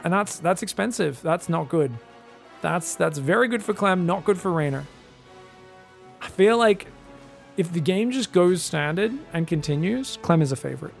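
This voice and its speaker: Male esports caster, higher voice with gravel, excitable, talks straight to viewers. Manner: excitable, bursts into loud shouts at big plays; chatty, addresses viewers directly. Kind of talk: live game commentary.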